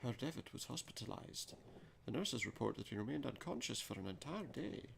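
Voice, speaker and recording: A grave, formal male scholar with a foreign accent, as a gamer puts him on, delivering dark news in measured, gravelly tones. His voice is low-set, and he keeps a stiff, mysterious manner. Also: big pitch swings, a little hiss or hum. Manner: reads in a put-on accent.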